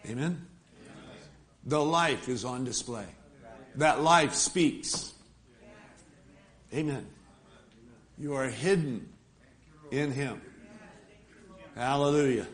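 An emphatic male preacher delivering a sermon in a church at a middle pitch. He presses his points hard and keeps asking the congregation for an amen. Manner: emphatic, calls for amens.

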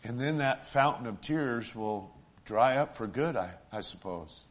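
A man preaching a sermon, talking in a folksy way to the congregation and swinging between loud, stretched-out lines and soft, hushed ones. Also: medium pitch, expressive, unhurried. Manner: emotional, swells loud then drops soft; folksy, asks the congregation "right?".

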